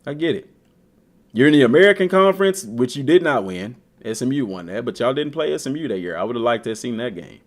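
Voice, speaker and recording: Animated slangy man commenting on a game. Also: medium pitch, fast, few pauses. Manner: slangy, talks to the team directly, animated. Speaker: gaming streamer. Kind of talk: casual commentary on a video game.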